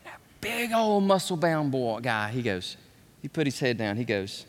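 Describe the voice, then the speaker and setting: A man's voice: medium pitch, moderate pace. A man preaching a sermon as pastor, telling stories with folksy asides. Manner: animated storytelling with folksy asides. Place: church sanctuary. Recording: long hall reverb.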